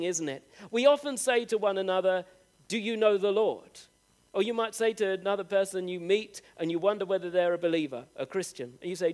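A male preacher with a strikingly high voice delivers a sermon. He speaks earnestly and straight to his listeners. He leans on key phrases, drawing them out and lifting his pitch for emphasis. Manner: earnest, direct address to the congregation; rises with emphatic, drawn-out phrases.

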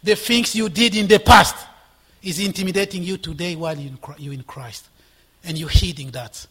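Delivering a sermon at a moderate pace, a male preacher uses a high, husky voice. He alternates between ringing exhortation and quiet, whispered asides.

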